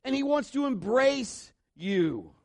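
High-voiced man preaching a sermon. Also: very animated, slow, no echo. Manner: joking asides, voices quotes. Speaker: pastor. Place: church.

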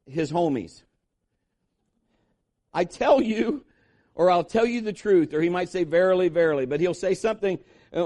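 A man's voice: high voice, a little mellow. A man preaching a sermon as pastor, emphatic and repetitive, acting out quoted voices.

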